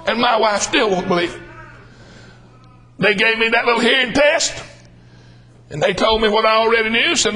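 A man's voice: very high voice, sharp tone, low-quality recording. An older man preaching a humorous sermon, folksy and drawling, calling out lines for emphasis.

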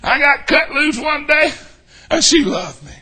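High, bright, husky-voiced Southern preacher shouting. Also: male voice, animated, unhurried, a little hiss or hum. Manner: exuberant, shouting with high whoops and laughter. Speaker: pastor. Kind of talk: sermon. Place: church sanctuary.

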